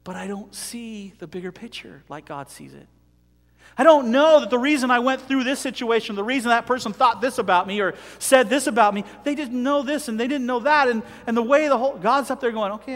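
Animated male preacher, high and lively, joking through a sermon; long church reverb. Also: a little fast. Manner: animated, jokey, dramatic swings in volume.

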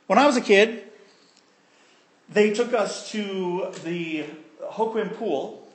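Lively high-voiced preacher telling a story. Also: male voice. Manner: animated storytelling with acted-out voices and sound effects. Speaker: pastor. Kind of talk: sermon.

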